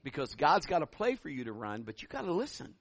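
A middle-aged man preaching a sermon as pastor, telling stories in an animated way and building to loud calls. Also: fairly high pitch, fast talker, no echo.

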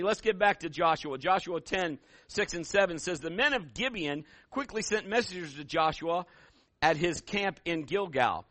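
A middle-aged man preaching a sermon as pastor, telling stories and acting out voices, building to loud emphatic peaks. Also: a little high, animated, moderate pace, no room sound.

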